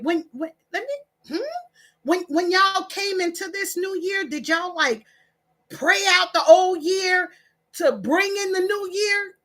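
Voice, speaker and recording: A woman's voice: very high voice, pushed and bright. A woman speaking straight to her followers in an emotional, rambling monologue, preachy and scolding like a stern auntie. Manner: impassioned and preachy, rambling with restarts. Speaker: social media creator. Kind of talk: emotional direct-to-camera monologue.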